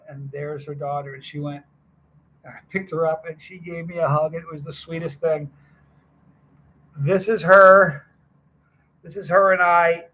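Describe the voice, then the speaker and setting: A man's voice: on the high side, fairly bright tone, lo-fi sound. A man live streaming casually, rambling and greeting viewers by name from a hot sauce festival booth.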